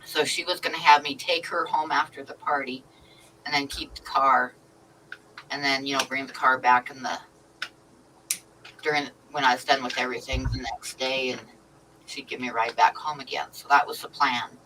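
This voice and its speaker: A woman's voice: very deep voice, little pitch movement, normal speed. A middle-aged woman hosting a livestream, telling a story in casual chat and laughing often. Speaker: livestream host. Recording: slightly distant mic with faint noise.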